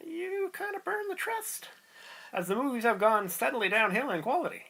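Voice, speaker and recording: A man's voice: very high voice, normal speed, vocal fry, breathy edge, rough recording. A man co-hosting a podcast, skeptically arguing his points in casual chat. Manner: skeptical, argues his point with animated swings. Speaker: podcast co-host.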